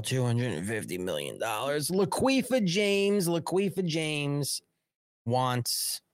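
A man's voice: medium pitch, dry recording. A man hosting a political live show, ranting in a heated, sarcastic and profane way. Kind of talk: political commentary livestream.

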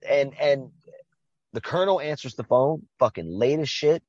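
A man's voice: mid-range voice, moderate pace, no room sound, dull audio. A man co-hosting a podcast, casually retelling a movie with lots of swearing and rambling asides. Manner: profane, rambling, animated retelling. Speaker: podcast co-host. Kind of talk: casual movie-review chat.

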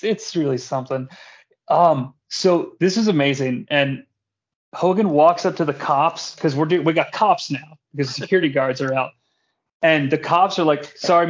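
A fairly high-voiced man chats about a wrestling show with animated, joking energy and drops casual swears. The recording sounds dull and lo-fi, like a home podcast. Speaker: podcast host. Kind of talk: casual wrestling recap chat.

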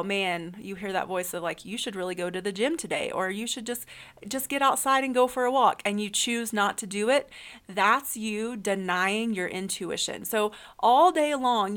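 Her voice is mid-range and a bit bright. She delivers a solo spiritual self-help reflection, podcast style, posing many earnest questions to the listener with fillers such as um and you know.

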